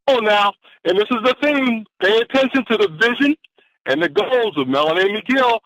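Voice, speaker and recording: A man on a conference call giving an energetic, exclamatory motivational talk that keeps repeating its key phrase. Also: sits high, a little fast, no echo. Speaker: caller. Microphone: phone. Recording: dull dry phone line.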